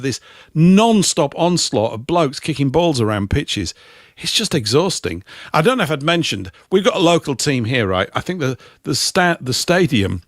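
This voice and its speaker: A man's voice: a little high, no room sound. British guy rambling on a talk show, opinions everywhere, voice bouncing all over, dead dry sound. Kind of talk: casual chat.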